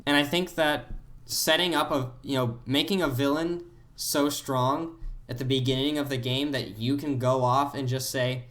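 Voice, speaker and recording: A man's voice: mid-range voice, fairly even intonation, normal speed, a bit bright. A man co-hosting a casual gaming podcast, musing thoughtfully with frequent "like" fillers. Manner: thoughtful, heavy use of "like" fillers. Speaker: podcast co-host. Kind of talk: casual chat about video games.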